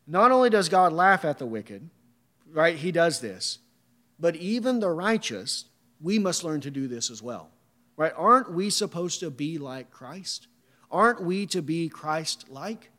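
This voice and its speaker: A man's voice: a little high, a bit bright. A man preaching a sermon, reading scripture and asking emphatic rhetorical questions.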